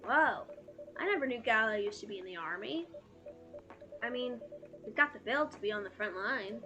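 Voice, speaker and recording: A woman's voice: a little high, lively intonation, moderate pace, sharp tone, highs cut off. A woman reading the lines of a curious, prying young woman in a visual novel, with game music behind.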